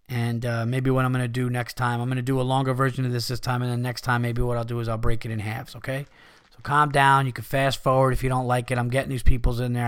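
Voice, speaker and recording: Give me a man hosting a podcast, reading listener emails aloud and cursing often with animated storytelling. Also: medium pitch, smooth, no echo, clean studio sound. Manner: profane, laughing, animated storyteller. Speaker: podcast host.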